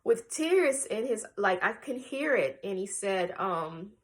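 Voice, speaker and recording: A woman's voice: medium pitch, very animated, slow. Young woman in her twenties, vlogger, confessional storytelling to camera, blunt and emotional with casual swearing, mid-range voice. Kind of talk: candid personal storytelling.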